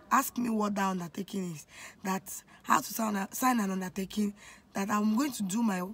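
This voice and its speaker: A woman's voice: medium pitch, a bit bright, a little hiss or hum. Nigerian woman telling a personal story. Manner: emotional, confiding storytelling that addresses viewers directly. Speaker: vlogger. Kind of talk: storytime vlog.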